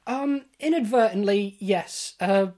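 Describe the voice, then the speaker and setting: A woman co-hosting a comedy podcast, deadpan and mock-serious, with hesitant fillers as she argues a far-fetched theory. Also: mid-range voice, slow. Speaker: podcast co-host.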